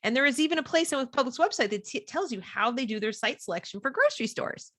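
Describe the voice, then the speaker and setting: Animated woman telling a story. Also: sits high, quick pace, dry recording, studio quality. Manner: animated, acts out quoted dialogue. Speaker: podcast guest. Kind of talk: casual storytelling.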